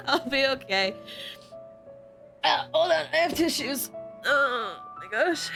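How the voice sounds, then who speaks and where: Slow-talking teary young woman streamer. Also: high voice, lively intonation, vocal fry, pushed and bright, soft background music. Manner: emotional, teary, self-talking. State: fighting tears. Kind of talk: casual live game commentary.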